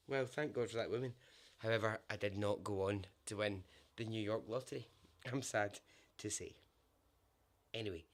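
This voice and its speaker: A Scottish man hosting a podcast, telling a story in a casual, animated way, laughing often and swearing now and then. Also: lowish voice, normal speed, long pauses, faint music behind.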